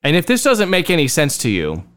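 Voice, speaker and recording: A male host delivers political commentary with heavy sarcasm, mocking phrases by repeating them over and over. His voice sits a little high and swings widely in pitch, rising sharply when he gets animated. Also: fairly quick, clear, resonant tone.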